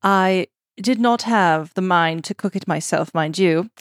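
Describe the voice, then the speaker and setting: A woman on a comedy podcast voicing a calm, genteel British woman, measured and prim. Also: lowish voice, dry recording, clean studio sound, lightly acted. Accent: put-on British. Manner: measured, prim, keeps adding "mind you".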